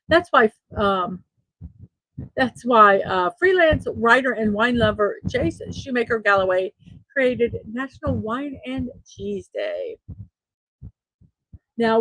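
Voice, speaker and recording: Slow, chatty middle-aged woman host. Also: a little high, fairly bright tone, no echo, poor audio. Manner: chatty, laughs at her own jokes, restarts often. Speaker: host of a daily morning show. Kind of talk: casual solo show, reading memes aloud.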